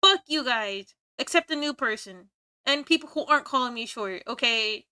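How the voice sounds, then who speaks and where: A woman's voice: a little high, animated, normal speed, sharp tone, smooth, no room sound, studio quality. A young woman streaming from home, chatting casually with her chat, play-acting anger and laughing often. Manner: playful mock-angry banter with frequent laughs.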